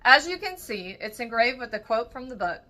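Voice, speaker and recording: Courteous salesman in a read-aloud novel, a woman reading him, formal and smooth, bright and projected. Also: a little high, very animated, moderate pace. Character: polished older male shopkeeper, smooth salesman.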